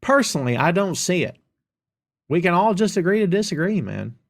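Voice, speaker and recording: A man's voice: high voice, big pitch swings, a little fast. Man hosting a casual chat show. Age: middle-aged. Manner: reads viewer comments aloud and reacts with playful sarcasm. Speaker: podcast host answering audience questions. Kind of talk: casual live-stream chat.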